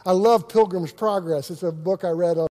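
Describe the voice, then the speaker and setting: A man preaching a sermon as a pastor, energetic, acting out quotes and repeating words for emphasis. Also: high-pitched, normal speed, long reverb tail.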